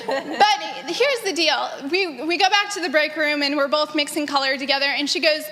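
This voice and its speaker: Bright high-voiced woman in an echoey hall. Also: normal speed, slight background noise. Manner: earnest and animated, often laughing. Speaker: granddaughter sharing memories. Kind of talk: personal testimony to a gathering.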